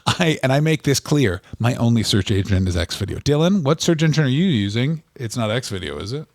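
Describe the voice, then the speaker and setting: Male comedy podcast co-host, deadpan absurd riffer, dry close mic, mid pitch. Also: brisk, no room sound. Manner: deadpan absurd riffing, jumps into silly voices. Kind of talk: casual comedic banter.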